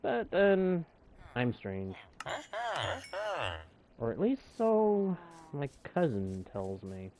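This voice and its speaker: A man's voice: a little high, sing-song, drawn-out words, pauses often, muffled recording. A man hosting a live game stream, chatting casually and jokingly with viewers and the game. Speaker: streamer and channel host.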